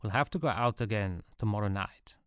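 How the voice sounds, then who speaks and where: Man doing a deadpan Prussian officer. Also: lowish voice, a little fast, clear, resonant tone, no room sound, studio quality, close to an everyday voice. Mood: wry. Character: eccentric Prussian artillery officer, dry, matter-of-fact.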